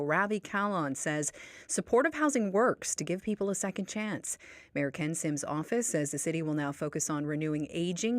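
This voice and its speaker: A woman's voice: fairly low pitch, dry recording. Newsreader woman with slight Aussie twang. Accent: Canadian with a slight Australian twang. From Canada (British Columbia). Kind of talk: radio news reading, then casual chat. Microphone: studio microphone.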